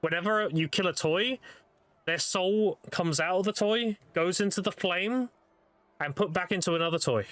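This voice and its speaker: A young male streamer talks through grim game lore in a relaxed, rambling way, swearing freely. His voice sits a little high for a man. The sound is dry and close, with no room around it. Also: normal speed, no room sound. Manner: profane, laid-back lore explainer. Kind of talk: casual storytelling while gaming.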